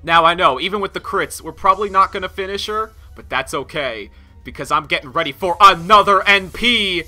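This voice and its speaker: A man giving excitable gameplay commentary, laughing often and swinging from loud outbursts to low mutters. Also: brisk, faint music behind. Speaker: game streamer.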